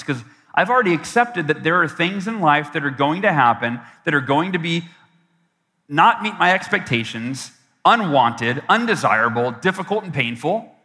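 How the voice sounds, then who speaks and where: A keynote speaker inspires a large hall audience with a story, playing his former self's voice in broad swings. His voice is on the high side, bright and forceful, with long live-event hall reverb in the recording.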